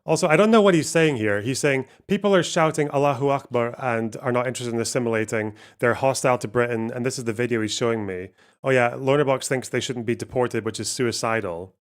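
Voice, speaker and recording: Male host of a live stream, loose sarcastic commentary, average pitch, laughs a lot. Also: fast talker. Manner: sarcastic, rambling, laughing often, swearing.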